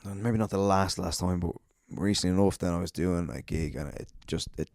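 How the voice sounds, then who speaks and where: A man's voice: sits low, fairly even intonation, fairly quick, vocal fry, darkish tone, no room sound, clean studio sound. A young man, a comedian hosting his podcast alone, telling gig stories in a profane, casual monologue and laughing at his own anecdotes.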